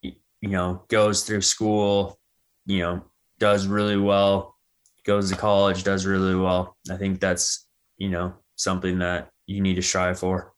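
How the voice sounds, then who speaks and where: A man's voice: sits low, unhurried, clean tone. A young man answering interview questions casually, with lots of "um" and "you know". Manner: relaxed, many "um" and "you know". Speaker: interview guest, athlete.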